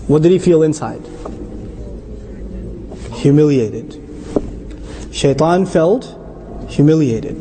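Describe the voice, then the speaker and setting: A middle-aged man giving an animated religious lecture as an Islamic teacher, often quizzing his audience. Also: on the high side, slow pace, pauses often, slight background noise.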